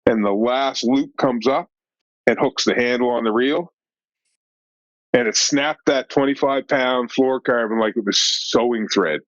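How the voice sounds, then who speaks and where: Lively storytelling man, dull dry sound. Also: medium pitch, a little slow, no echo. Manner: animated, acts out dialogue with lots of "like" and "right?". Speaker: fly fishing guide. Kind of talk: casual podcast storytelling.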